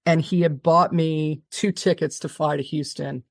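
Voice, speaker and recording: A woman guest on an interview podcast, telling a long story in an animated, fast-talking way, often restarting her sentences. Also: low voice, vocal fry, no room sound, clean studio sound. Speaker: television producer, guest.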